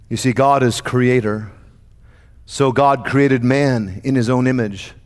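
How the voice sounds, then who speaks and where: A man's voice: mid-range voice, fairly even intonation, slow pace, big-room sound. A man preaching a sermon to his congregation, with a dramatic call-and-response cadence. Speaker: pastor.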